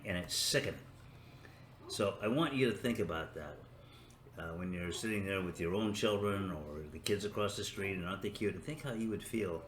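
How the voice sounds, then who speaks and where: A man's voice: on the low side, fairly bright tone, echoey room, slight background noise. An older man hosting his own show, talking in a sarcastic, rambling monologue that sometimes turns into talking to himself. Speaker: show host. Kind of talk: opinion monologue.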